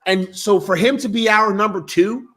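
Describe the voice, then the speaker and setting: A man's voice: high-pitched, normal speed, bright, forceful tone. A man co-hosting a casual sports talk show, joking, swearing and repeating himself as he talks. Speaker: podcast co-host.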